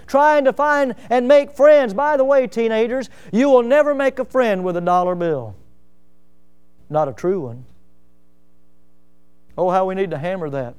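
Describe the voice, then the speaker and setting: High, clear-voiced man preaching a sermon. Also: a little mellow. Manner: preaching with rising emphasis and storytelling asides. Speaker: pastor.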